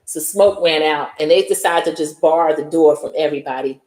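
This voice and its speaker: A woman's voice: low-pitched, fairly quick, darkish tone. A woman with a New York accent retelling a movie scene by scene in casual chat, acting out the characters' lines as she goes. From United States. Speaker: host. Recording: echoey room.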